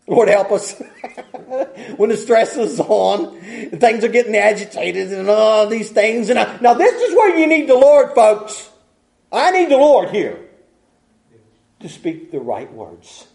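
High-voiced folksy preacher man. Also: darkish tone. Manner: folksy, rambling, with restarts and chuckles. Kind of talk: sermon.

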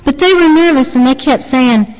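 A woman earnestly retelling a religious testimony as a lay preacher, halting and restarting her sentences. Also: high-pitched. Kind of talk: devotional storytelling. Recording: long reverb, dull lo-fi sound.

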